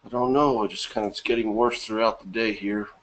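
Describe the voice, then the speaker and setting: Low-voiced coughing male webinar host. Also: steady tone, a little fast, fairly bright tone. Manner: reads out viewer names from chat, laughs often. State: has a bad cough. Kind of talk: casual live webinar chat.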